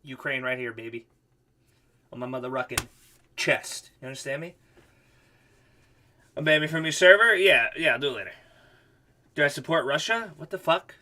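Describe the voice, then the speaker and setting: Man, streamer host, casual profane storytelling, rambling, piercing bright tone. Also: fairly high pitch, expressive, normal speed, pauses often. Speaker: livestream host. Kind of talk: casual chat.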